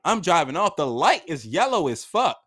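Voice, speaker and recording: A man's voice: a little high, big pitch swings, moderate pace, sharp tone, husky. A man telling a story from his own life in casual, slangy talk, acting out the voices of the people in it.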